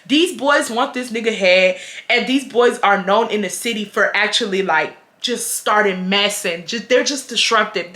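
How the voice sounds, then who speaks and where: A young woman from Houston, telling a story to her viewers in a blunt, animated, profane way with frequent laughter. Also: medium pitch, reverberant. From Houston, Texas. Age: 20s. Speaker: vlogger. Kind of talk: casual storytime.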